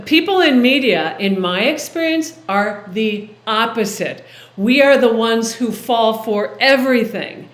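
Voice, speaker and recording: Woman guest chatting about her work, a bit high voice, lots of room echo, lively and laughy. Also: unhurried. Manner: warm, enthusiastic, laughs easily. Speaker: video producer and director, interview guest. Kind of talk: casual interview conversation.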